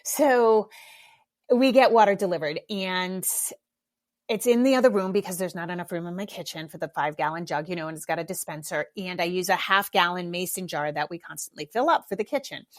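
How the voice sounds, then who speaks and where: A woman's voice: fairly low pitch, fairly quick. A middle-aged woman hosting a podcast alone, talking in a casual, candid way, swearing freely and laughing at herself. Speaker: podcast host. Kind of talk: casual solo podcast talk.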